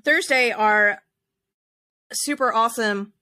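A woman with a slightly high, sharp-toned voice speaks at a slow pace. As a podcast co-host, she chats casually about baseball, laughing and restarting as she rambles.

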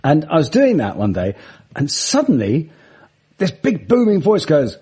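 Man, husky, animated storyteller, fairly high and lively. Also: a little slow. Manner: animated storyteller, laughs mid-sentence, acts out voices. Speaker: guest, comedian and musician. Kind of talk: casual anecdote-telling.

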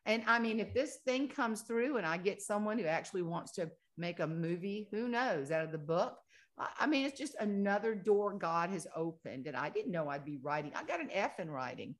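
Lively Southern woman telling folksy stories. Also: medium pitch, moderate pace. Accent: Southern American. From Southern United States. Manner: animated, folksy, laughs through stories. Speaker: author and guest. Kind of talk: casual storytelling interview.

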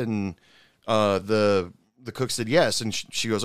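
A man's voice: on the low side, steady tone, a little slow, fairly bright tone, dry recording. A man casually retelling a restaurant story, rambling with lots of fillers and restarts and growing indignant. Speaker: commentator recounting a TV episode.

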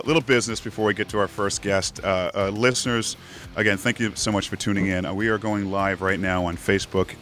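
A man's voice: low-pitched, fairly bright tone. A man hosting a live rugby show, chatting casually and laughing often. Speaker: podcast host.

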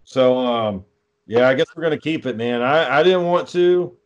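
A man's voice: mid-range voice, animated, moderate pace, highs cut off. Swearing, exasperated young man. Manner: profane, exasperated storytelling. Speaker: storyteller. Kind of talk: casual chat.

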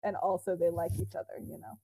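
A woman's voice: on the low side, steady tone, fast, creaky, dark tone, slightly rough, poor audio. A young woman co-hosting a podcast, casually retelling a fan-fiction story with quoted dialogue, lots of fillers and giggles.

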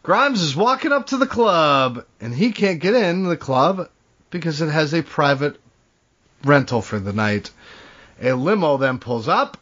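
A man's voice: fairly high pitch, big pitch swings, measured pace, a bit bright. Guy cohosting a wrestling podcast, chill and sweary, muffled lo-fi sound. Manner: profane, laid-back recapping. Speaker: podcast co-host. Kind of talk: casual wrestling recap chat. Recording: dull lo-fi audio.

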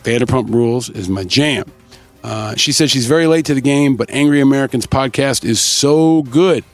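A man hosting a podcast, upbeat as he reads out shout-outs and thanks to listeners in a casual scripted way. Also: medium pitch, normal speed, soft background music. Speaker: podcast host.

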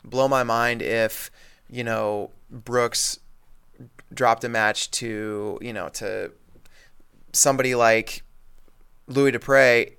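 A man's voice: medium pitch, steady tone, slow pace, long pauses, fairly bright tone, smooth. A man co-hosting a casual sports podcast, talking in long rambling turns full of fillers. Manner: rambling, many fillers and restarts. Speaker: podcast co-host.

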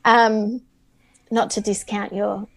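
A woman's voice: medium pitch, level tone, slow, vocal fry. A woman taking part in a casual trivia quiz, thinking aloud and hesitating. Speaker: quiz contestant. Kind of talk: casual quiz show banter.

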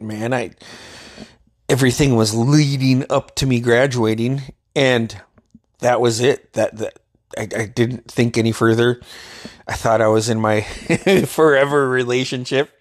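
A man's voice: medium pitch, fairly even intonation, normal speed. A man from Alaska telling a casual personal story, rambling and profane, often restarting his sentences and chuckling. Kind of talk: casual spoken anecdote.

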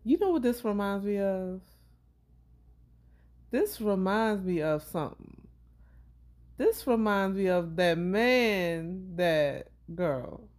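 A woman co-hosting a podcast in casual chat, laid-back and quick to laugh. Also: mid-range voice, animated, a little mellow. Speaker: podcast co-host.

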